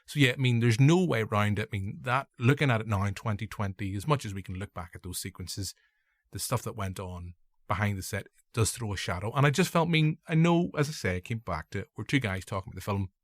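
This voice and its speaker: A man's voice: on the low side, quick pace, no room sound, studio quality. A young man with a Northern Irish accent hosting a casual film review podcast, rambling and correcting himself with joking asides. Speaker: podcast host.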